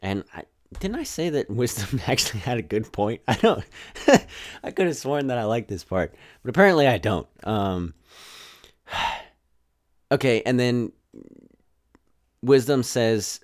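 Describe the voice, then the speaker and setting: A man's voice: fairly low pitch, expressive, a little slow, no echo, studio quality. A man giving a casual, rambling spoken film review. He sounds exasperated and sarcastic, and he often restarts his sentences.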